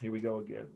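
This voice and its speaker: A man teaching a college art history class over a video call, talking in a relaxed, halting way with frequent restarts and asides. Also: medium pitch. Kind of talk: online lecture. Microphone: computer mic on a video call. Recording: video call audio with dropouts.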